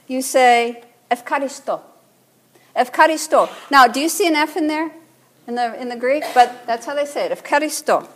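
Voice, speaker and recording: A woman priest giving a sermon in a relaxed, conversational teaching manner, drawing the congregation in to repeat words. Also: high voice.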